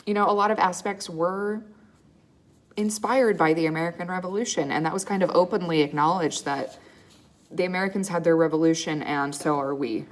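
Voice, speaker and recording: Low-voiced woman lecturing casually. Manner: casual, checks in with "okay?" and "right?"; frequent ums and uhs, restarts. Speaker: history teacher. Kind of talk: recorded slide lecture.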